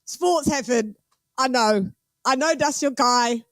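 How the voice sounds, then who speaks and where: Woman, boxing stream host, slangy animated banter, dry close sound. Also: sits high, takes it slowly, no echo. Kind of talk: casual livestream commentary.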